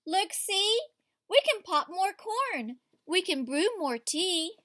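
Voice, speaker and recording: A woman's voice: very high voice, lively intonation, slow pace, bright, forceful tone, voice pushed up, full character voice. A woman voicing a small, kind mouse who soothes and reassures a friend. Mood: reassuring.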